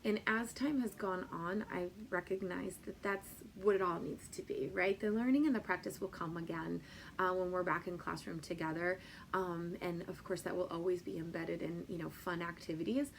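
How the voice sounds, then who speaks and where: A woman's voice: lowish voice, fairly even intonation, moderate pace, gravelly, a little hiss or hum. A woman Spanish teacher talking casually to other teachers, with many ums, and playful and sing-song when she recites a children's rhyme. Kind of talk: teacher training talk.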